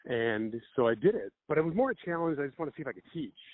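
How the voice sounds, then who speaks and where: A man, an improv comedian and teacher, telling stories in casual chat and acting out quick quotes. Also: a little high, no room sound. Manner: animated storyteller with quick acted-out quotes. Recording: dry, phone-like narrow sound.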